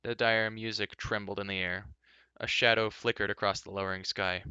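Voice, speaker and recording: A man's voice: little pitch movement, moderate pace, clean tone, no echo, lo-fi sound. A man reading a fantasy storybook aloud, giving the characters their own voices. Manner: shifts pitch and loudness for each character's lines. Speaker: audiobook reader.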